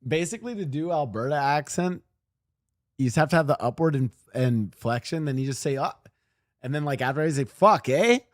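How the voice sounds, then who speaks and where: A man's voice: medium pitch, fairly quick, dry recording, clean studio sound. A man streaming and reacting to clips, rambling animatedly and talking to his chat.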